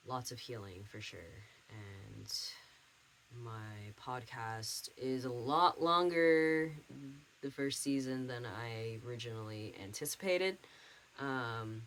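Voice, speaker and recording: A man's voice: mid-range voice, a bit bright, a little hiss or hum, low-quality recording. A young man rambling through a casual life-update vlog at home, full of fillers and restarts. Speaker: vlogger.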